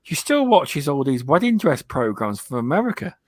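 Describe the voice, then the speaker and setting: A man hosting a relaxed gaming podcast. His voice is mid-pitched and comes through dry and close. He talks in an easygoing way, often saying the same thing twice. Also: normal speed, no echo. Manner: easygoing, repeats himself. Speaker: podcast host. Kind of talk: casual podcast chat.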